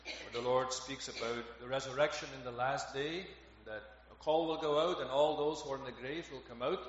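A man's voice: mid-range voice, a little fast. Male preacher, earnest and emphatic, heavy hall echo on a dull, lo-fi recording. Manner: earnest, rising to emphatic on key phrases. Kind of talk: sermon. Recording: echoey hall, dull lo-fi, faint noise.

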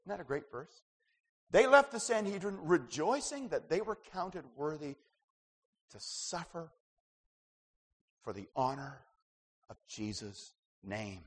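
A man preaching a sermon as pastor, swinging between loud emphasis and hushed asides. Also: on the high side, sing-song, a little slow, pauses often, husky, long reverb tail.

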